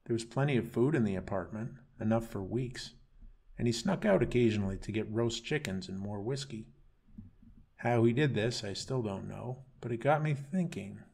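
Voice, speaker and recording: A man reading his own dark bedtime story aloud in slow, somber narration. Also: mid-range voice, vocal fry, breathy edge.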